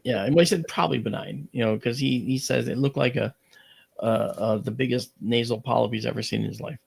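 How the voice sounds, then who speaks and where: A man appearing as a guest on a radio talk show, telling a personal story in a lively, rambling way with many fillers and restarts. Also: mid-range voice, fairly quick, vocal fry, slightly rough.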